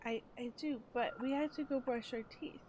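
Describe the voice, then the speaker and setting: A middle-aged woman telling family stories in casual chat on a livestream, lively and laughing as she acts out quotes. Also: high voice, moderate pace. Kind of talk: casual storytelling.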